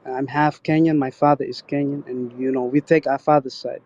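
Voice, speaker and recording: A man's voice: medium pitch, little pitch movement, brisk, a little mellow, dry recording. A man from Ukraine calling in, speaking hesitantly with hedges and fillers. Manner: hesitant, hedging. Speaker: caller. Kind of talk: call-in question. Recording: muffled call line.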